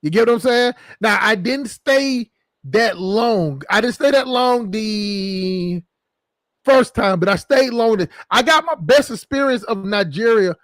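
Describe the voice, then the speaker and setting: A man with a high voice hosts a loose, crude chat on a stream, laughing often as he jokes. His voice is recorded dry and close, with no room sound. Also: animated, measured pace, fairly bright tone, dry recording. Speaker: stream host. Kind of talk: casual chat.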